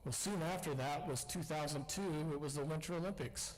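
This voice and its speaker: Veteran man, folksy storyteller, slightly higher voice, hall reverb. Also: a little fast. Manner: folksy, self-deprecating. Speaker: veteran speaker. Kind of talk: storytelling speech. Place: school assembly hall.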